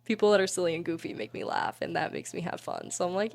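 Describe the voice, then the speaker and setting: A woman's voice: lowish voice, huge pitch swings, fast talker, vocal fry, darkish tone. A woman in her twenties, an interview guest and student, chatting casually in a bubbly, giggly way with many "like"s. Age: 20s.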